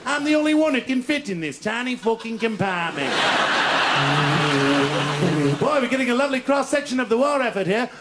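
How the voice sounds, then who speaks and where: A man voicing a short, malnourished WWII rear gunner who talks shouty and brash, recorded in a noisy studio. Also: very high-pitched, lively intonation, brisk, pauses often.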